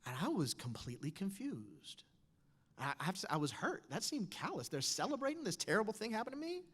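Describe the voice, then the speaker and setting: A man in his thirties telling a personal story on stage with wry, animated delivery, quoting others in changed voices. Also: high voice, brisk, breathy edge. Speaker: speaker. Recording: long hall reverb.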